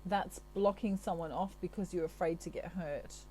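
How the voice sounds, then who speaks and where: A woman's voice: fairly low pitch, fairly even intonation, normal speed, a little mellow, a little hiss or hum, low-quality recording. A woman from Australia giving a channelled tarot reading in a chatty, reassuring way, with many asides. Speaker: tarot reader.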